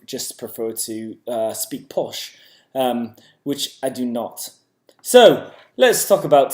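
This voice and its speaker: A man hosts a casual how-to vlog while keeping up a put-on Irish accent. His voice sits a little higher than usual for a man, and he explains things playfully, one step at a time. The room around him is echoey. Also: darkish tone. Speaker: host.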